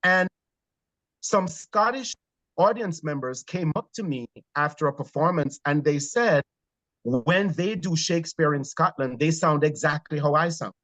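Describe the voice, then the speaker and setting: A man from Jamaica with a Jamaican accent, a theater actor telling stories in an interview, animated but hesitant. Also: a little high, measured pace, no room sound, low-quality recording. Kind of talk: conversational interview.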